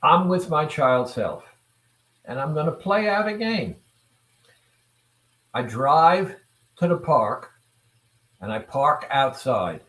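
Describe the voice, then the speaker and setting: A man leads a motivational talk, unhurried and measured, with a slightly high pitch and lively swings in his tone. He repeats phrases for emphasis and keeps putting questions to his listeners. The sound is roomy, with a noticeable echo. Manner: deliberate, repetitive, asks the audience rhetorical questions. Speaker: self-improvement speaker.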